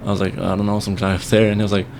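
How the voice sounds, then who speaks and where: A young man with a low voice tells a long, rambling story on a podcast, swearing often and slipping into Spanish now and then. There is faint ambient noise under his voice. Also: level tone, rapid-fire, creaky, darkish tone. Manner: rambling, swears freely, mixes in Spanish phrases. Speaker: podcast guest. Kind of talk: casual storytelling chat.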